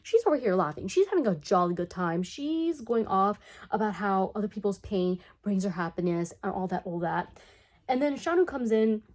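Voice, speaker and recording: A chatty woman recapping a cartoon for her channel, with sarcastic, animated asides. Her voice is mellow and warm rather than bright, and the delivery is loose and conversational. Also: mid-range voice, moderate pace. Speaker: commentary YouTuber. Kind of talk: casual comedic recap of a cartoon.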